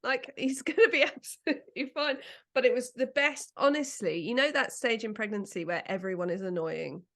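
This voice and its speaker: A middle-aged English woman with a British accent, co-hosting a podcast in casual chat and telling lively anecdotes with laughter and the odd swear word. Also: fairly high pitch, moderate pace. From England. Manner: animated storytelling, laughs and swears freely. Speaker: podcast co-host.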